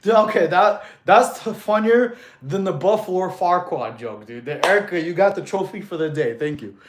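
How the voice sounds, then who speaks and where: A man coaching fitness on a casual live stream, relaxed and laughing often as he reads chat questions aloud. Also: high-pitched, normal speed, few pauses.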